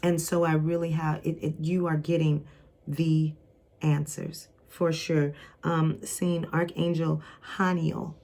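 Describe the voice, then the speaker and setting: A woman's voice: sits low, level tone, slow pace, vocal fry, warm tone. A woman giving a casual spiritual tarot reading. She talks straight to the viewer in a reassuring, encouraging way and often restarts and rambles. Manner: rambling, many restarts and fillers. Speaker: tarot reader.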